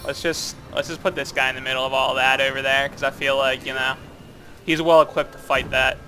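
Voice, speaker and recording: A man's voice: medium pitch, little pitch movement, fairly quick, pushed and bright, faint music behind. A man chatting casually while playing a co-op game, rambling playfully with lots of fillers. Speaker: co-op gameplay commentator. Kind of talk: casual gaming chat.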